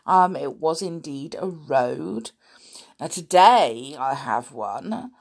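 A woman hosting a storytelling show, croaky from a sore throat, chatting playfully to young listeners. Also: low voice, takes it slowly. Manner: playful, animated, with gasps and little laughs.

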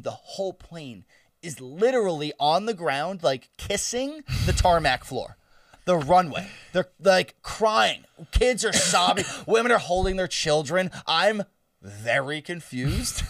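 Young dude telling a wild story, lively up and down voice, swears a lot, dry close mic. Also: male voice, high-pitched, measured pace, no echo, distant mic. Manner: animated, swearing, laughing, acts out screams. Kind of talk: casual storytelling chat.

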